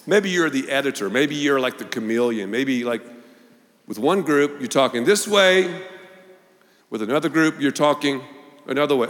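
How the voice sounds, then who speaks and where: A male pastor preaching a sermon, telling stories with lively acted-out voices. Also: mid-range voice, moderate pace. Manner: animated storytelling, acting out voices. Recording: long reverb of a large hall.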